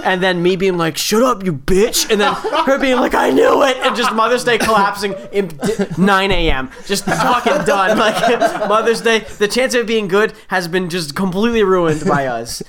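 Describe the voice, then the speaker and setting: A man with a slightly high voice tells family stories in loose, profane chat. He swears freely and jumps into his parents' voices, full of comic exasperation. It all sounds like friends laughing around a table. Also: moderate pace, few pauses, over a noisy crowd. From Irish Catholic family. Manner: profane, animated storytelling with quoted voices. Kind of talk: casual chat.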